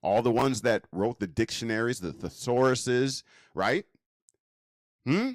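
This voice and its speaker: A man's voice: no room sound, studio quality. A man giving a casual lecture. He keeps asking the listener rhetorical questions. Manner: slow, drawn-out delivery with wide pitch swings. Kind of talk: casual teaching talk.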